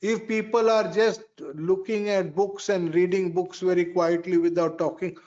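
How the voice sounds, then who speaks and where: Delivering a spiritual astrology lecture, a Vedic astrology teacher speaks slowly and emphatically, repeating key phrases and chanting mantras. His voice is high and a little mellow with fairly even intonation, and the highs are cut off.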